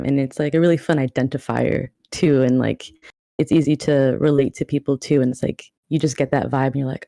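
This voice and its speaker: A woman's voice: extremely low pitch, steady tone, fairly quick, creaky, mellow, no room sound, studio quality. A woman from the New York area, a cosplayer guest, chatting casually and rambling with many restarts. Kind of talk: casual podcast chat.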